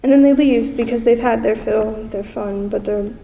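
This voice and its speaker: A young woman with a gravelly, dark voice reads spoken-word poetry with intense drama, held to a narrow pitch range. She sounds distant from the mic, with a long hall reverb and faint background noise. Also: normal speed. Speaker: student poet.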